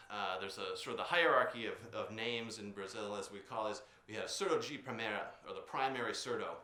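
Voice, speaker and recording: A man's voice: lowish voice, expressive, bright, forceful tone. Man teaching drums in an echoey room. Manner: explanatory, with frequent filler pauses. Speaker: percussion instructor. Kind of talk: instructional demonstration. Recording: echoey room with drum sounds.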